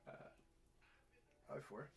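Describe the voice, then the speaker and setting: A young man hosting a casual chat, telling stories in an animated way and laughing often. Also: unhurried, poor audio. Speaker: host.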